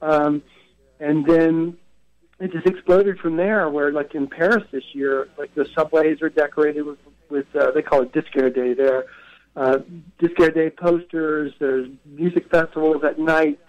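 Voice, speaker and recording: A man's voice: on the high side, fairly even intonation, a little slow. Chatty man on a dull radio line. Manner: chatty, anecdotal, many self-corrections. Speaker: guest, co-founder of a record retail event. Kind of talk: radio interview, casual storytelling.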